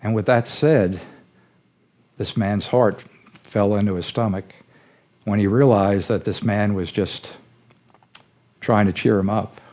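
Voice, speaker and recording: A man's voice: on the low side, steady tone, slow pace, long pauses, darkish tone. A middle-aged man leading a ministry, telling a story in a folksy, earnest sermon-like way. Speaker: ministry leader. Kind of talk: storytelling sermon-style talk.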